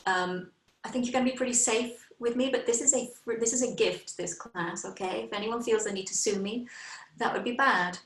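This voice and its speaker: Gentle British woman guiding relaxation. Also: medium pitch. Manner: gentle, reassuring, slow guidance with fillers. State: short of breath. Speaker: yoga teacher. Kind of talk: guided relaxation class. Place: home room, online class. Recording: roomy sound from a distant mic.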